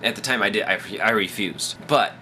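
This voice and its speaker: A man's voice: lowish voice, brisk, bright, forceful tone, slight background noise. A man hosting his own advice vlog, telling a rambling, profane story while drunk. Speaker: vlogger, host of his own show.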